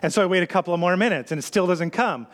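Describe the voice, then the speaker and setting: A man in his thirties, a pastor, telling a personal story in a conversational sermon style and building tension with quick repeated phrases. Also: high-pitched. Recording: long hall reverb.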